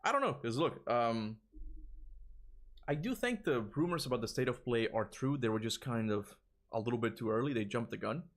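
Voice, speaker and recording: Rambling tired streamer with a Toronto accent. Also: male voice, mid-range voice, animated, moderate pace. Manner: rambling, stammering restarts, frequent chuckles. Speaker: gaming streamer. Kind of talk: casual livestream chat.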